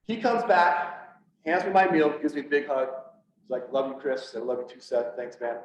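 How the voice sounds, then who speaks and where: A police officer telling a personal story to an audience, candid and blunt, acting out what people said. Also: male voice, a little high, animated, moderate pace. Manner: candid, blunt, acts out quoted dialogue. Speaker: public speaker, police officer. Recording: echoey, distant, slightly dull, faint hiss.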